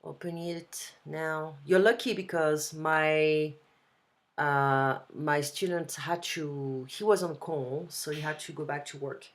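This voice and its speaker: Low-voiced tutor woman with a French accent. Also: fairly even intonation. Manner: casual, explains slowly with repeated examples. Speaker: language tutor. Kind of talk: one-on-one online lesson.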